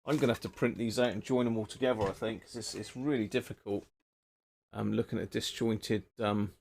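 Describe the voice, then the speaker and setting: Gravelly low-voiced man chatting live. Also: fairly even intonation, fairly quick, a little mellow, slight background noise. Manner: thinking aloud, rambling with fillers, chatting to viewers. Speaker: radio repair livestream host. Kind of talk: casual live-stream chat while repairing.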